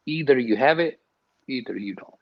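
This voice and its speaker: A man's voice: mid-range voice, lively intonation, normal speed, highs cut off. A man, a yoga and sound teacher, speaking emphatically as a guest in an interview and repeating words to stress his points. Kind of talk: interview conversation.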